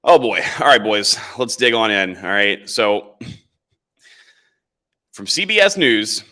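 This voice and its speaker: A man's voice: on the low side, sing-song, slow, sharp tone. A man hosting a casual livestream, reading chat comments and rambling sarcastically, calling his viewers boys. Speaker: livestream host. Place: indoors, standing in camera frame.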